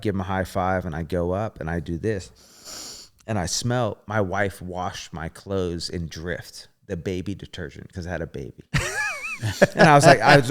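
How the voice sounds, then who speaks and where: A man in his thirties, a podcast guest, telling a story in a casual, animated way, swearing often and acting out what people said. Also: fairly low pitch. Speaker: podcast guest, former gymnast.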